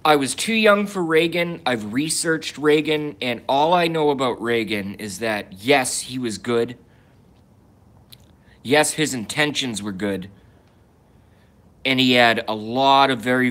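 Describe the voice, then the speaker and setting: Alone on a livestream, a young man launches into a rambling rant in a bright, slightly sharp voice at ordinary middle pitch. He constantly stops and restarts, wanders into asides, and reads viewer comments aloud to answer them.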